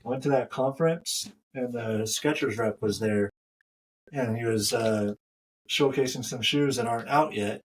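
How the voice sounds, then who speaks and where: A man's voice: mid-range voice, unhurried, slight background noise, low-quality recording. A man co-hosting a running podcast in casual chat, jokey and easily sidetracked, often trailing off mid-sentence. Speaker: podcast co-host.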